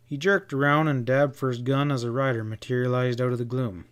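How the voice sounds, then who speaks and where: A man's voice: mid-range voice, fairly quick, few pauses, clear, resonant tone. Man narrating a western audiobook. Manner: steady dramatic reading.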